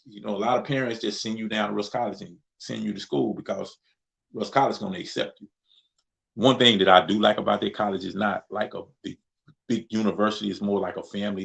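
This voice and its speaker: A man's voice: fairly low pitch, gravelly. A man in his thirties from Mississippi with a Southern accent, talking casually on a podcast and answering chat, thinking aloud with plenty of restarts. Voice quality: relaxed, conversational vernacular with frequent restarts. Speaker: podcast co-host. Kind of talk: casual discussion, responding to chat.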